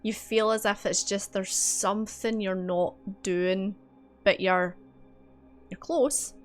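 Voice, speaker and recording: A woman narrating as dungeon master for a tabletop game, relaxed and chatty with lots of fillers. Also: mid-range voice, slow, faint music behind. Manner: relaxed, filler-heavy narration with easy laughs. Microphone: streaming mic.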